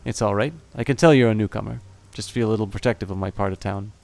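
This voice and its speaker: A man voicing a small, fierce female orc who works as a nanny, speaking in a brisk, scolding way. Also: on the low side, gravelly, a little mellow. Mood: stern.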